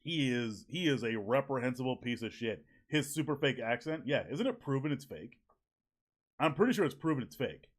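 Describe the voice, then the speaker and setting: At home in the evening, a man streams live and chats casually with viewers, reacting to them while joking, swearing and laughing often. His mid-range voice is animated and moderately paced.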